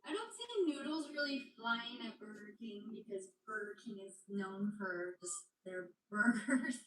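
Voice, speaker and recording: A woman's voice: mid-range voice, lively intonation, measured pace, distant mic, background noise. A woman guest in a casual livestream chat, speaking hesitantly and unsure of herself. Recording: roomy, from off-mic.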